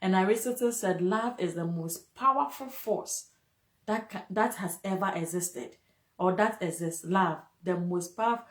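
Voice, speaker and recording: A woman hosts a casual live-stream talk, speaking emotionally and preachily while laughing often. Her mid-range voice is unhurried, and the room is echoey.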